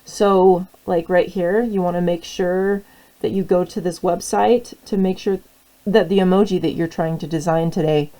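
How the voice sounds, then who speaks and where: A woman's voice: on the low side, fairly even intonation, moderate pace, mellow, rough recording. A young woman teacher with the hiccups, giving a casual classroom tutorial in a friendly, rambling way. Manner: friendly, rambling with fillers and restarts. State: has the hiccups.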